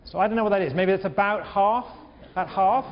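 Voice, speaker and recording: Male lecturer, high lively voice, echoey lo-fi hall recording. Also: fast talker. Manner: animated, repeats words, questions the class. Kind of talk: university lecture. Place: large lecture hall with balcony. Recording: echoey hall, dull lo-fi sound.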